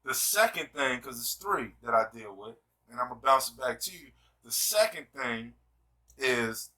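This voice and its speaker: A man's voice: medium pitch, very animated, measured pace, pushed and bright, recorded from a distance, poor audio. A man hosting a casual discussion show in an emphatic, preacher-like way, often asking "you see what I'm saying". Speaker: host.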